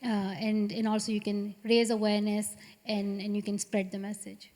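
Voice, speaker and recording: A young woman speaks as a guest on stage at a live event. Her voice sits at a medium pitch, and she talks in a soft, thoughtful way, full of small fillers and restarts. The sound is picked up in a large hall and carries a long, live reverb. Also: level tone, normal speed. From Pakistan. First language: Pashto. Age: 20s.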